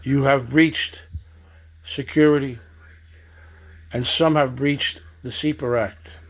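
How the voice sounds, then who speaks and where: A man's voice: medium pitch, steady tone, takes it slowly. A man giving a stern political monologue, accusing and addressing people directly. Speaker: political commentator.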